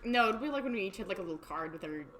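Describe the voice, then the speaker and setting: A woman's voice: mid-range voice, lively intonation, very fast, crowd noise. A woman playing a tabletop game, playful and teasing. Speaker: player. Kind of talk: casual tabletop play. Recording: roomy echo with faint noise.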